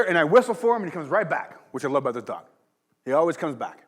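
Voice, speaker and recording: A man's voice: a little high, very animated, a little fast, long pauses, husky. A pastor giving a sermon, telling a rambling personal story in a casual, chatty way and laughing along as he goes. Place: church.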